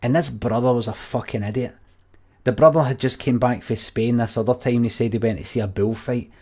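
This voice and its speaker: A middle-aged Scottish man rambles through a story to his stream, swearing freely and restarting his sentences. His pitch sits at an ordinary middle height, and his manner is plain and blunt. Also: steady tone, brisk, a little mellow. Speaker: streamer telling stories. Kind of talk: casual rambling anecdote.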